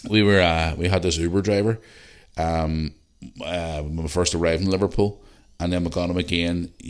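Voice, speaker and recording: This Northern Irish man has a deep voice and tells animated stories on his casual solo podcast, recorded in his living room at home. He swears freely and leans heavily on fillers.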